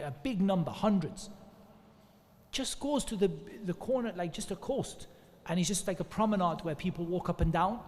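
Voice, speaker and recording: A man's voice: high-pitched, a little mellow. A man gives an informal religious talk, conversational with many restarts and asides. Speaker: speaker giving a talk at an Islamic centre. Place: mosque hall. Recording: long hall reverb.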